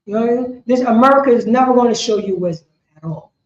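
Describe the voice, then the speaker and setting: Male street teacher, high voice, rambling talk, dull echoey recording. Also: fast talker. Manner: rambling, keeps saying "you know what I'm saying". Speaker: religious teacher. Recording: echoey room, dull lo-fi sound.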